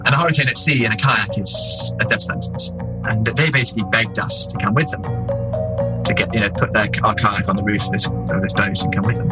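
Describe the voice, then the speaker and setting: Lowish-voiced man from England, lively casual storyteller, music bed under. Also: a little fast, rough recording. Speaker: explorer guest.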